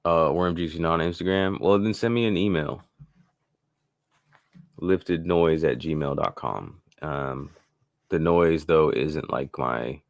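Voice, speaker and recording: A man with an extremely low, gravelly voice walks through his beat-making process in a casual live-stream tutorial. He rambles loosely, with plenty of fillers and restarts. The sound is dry and close, with no room around it. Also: dry recording.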